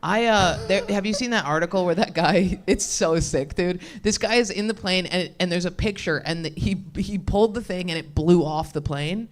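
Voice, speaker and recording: A woman's voice: fairly low pitch, moderate pace, few pauses. A woman stand-up comedian doing crowd work on a club stage, brash and laughing, swearing freely.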